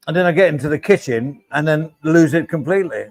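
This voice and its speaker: A man's voice: on the high side, lively intonation, fast, hardly any pauses, dry recording, soft background music, poor audio. A middle-aged man hosting a casual livestream, reading out chat and joking with viewers by name. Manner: chatty, jokey, addresses viewers by name.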